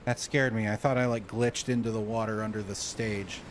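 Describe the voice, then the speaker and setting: A man's voice: fairly low pitch, fairly even intonation, moderate pace, a little hiss or hum. A man from the Southern United States streaming a video game and chatting casually, exclaiming at the game and often restarting his sentences. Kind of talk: casual gaming stream chat.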